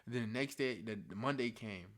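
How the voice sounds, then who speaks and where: A young man tells a story to his viewers in loose, slangy talk. He is animated, sinking into hushed asides and then rising to loud bursts. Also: mid-range voice, brisk. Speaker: storytime vlogger. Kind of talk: casual storytelling.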